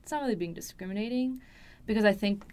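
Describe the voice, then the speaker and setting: A woman's voice: mid-range voice, fast talker, darkish tone, clean tone. A young woman born in France, talking in a casual interview, rambling with many fillers and restarts and laughing often.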